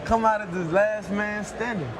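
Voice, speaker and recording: A man's voice: sits high, steady tone, normal speed. A young man, a college football player, being interviewed and answering in a laid-back, colloquial, laughing way. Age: young adult. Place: outdoors at a busy media event. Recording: noisy crowd behind. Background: crowd chatter.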